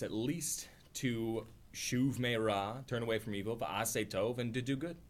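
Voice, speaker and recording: A man teaching an informal religious study class, talking conversationally, acting out quotes with a lifted voice and often checking in with "right?". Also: medium pitch. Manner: conversational, acts out quotes with rising voice, frequent "right?".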